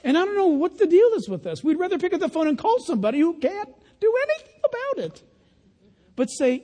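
An older man preaching a sermon as pastor of his church, animated and folksy, acting out the voices he quotes. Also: extremely high pitch, fast. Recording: long reverb of a church hall.

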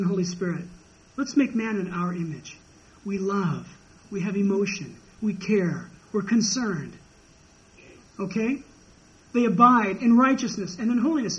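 A man preaching a sermon in an earnest way, rising and falling for emphasis. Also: high voice. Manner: earnest, rises and falls in emphasis. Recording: dull lo-fi recording.

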